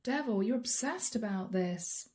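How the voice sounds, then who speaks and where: 温暖柔和、爱笑的塔罗女占卜师. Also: female voice, medium pitch, lively intonation, unhurried, a little mellow, slight background noise. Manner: chatty, laughs often, voices the listener's inner thoughts. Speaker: tarot reader. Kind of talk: channeled tarot reading to camera.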